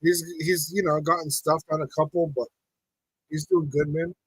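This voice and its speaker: Husky-voiced man calling a game live. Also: a little high, level tone, moderate pace, no echo, low-quality recording. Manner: frustrated, reacting to the game, talks to chat. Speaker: podcast host. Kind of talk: live watch-party commentary.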